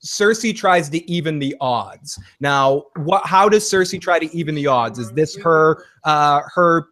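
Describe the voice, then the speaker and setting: A man hosting a live-streamed podcast, hyping the chat with loud, profane hype-man delivery. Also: fairly high pitch, unhurried. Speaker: host.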